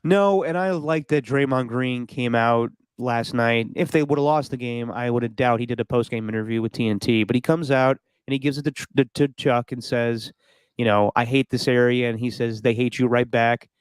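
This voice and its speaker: Man, podcast co-host, opinionated sports talk, laughs a lot, crisp voice, dry sound. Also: medium pitch, normal speed, no echo. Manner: opinionated, laughs often, does mock impressions. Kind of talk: casual sports chat.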